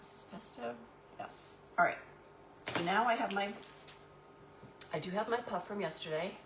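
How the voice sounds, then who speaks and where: A woman's voice: mid-range voice, normal speed, reverberant, background noise. A woman hosting a live painting demo who chats in a goofy way with viewers and calls them "y'all". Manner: chatty and goofy, answers live chat by name. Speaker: craft live-stream host.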